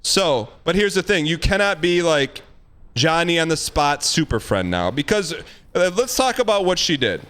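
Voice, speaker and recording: A man's voice: a little high, very animated, moderate pace, a bit bright. A man streaming live and giving blunt, emphatic dating advice in casual chat, repeating himself for emphasis. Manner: emphatic, repetitive, blunt, acts out quoted lines.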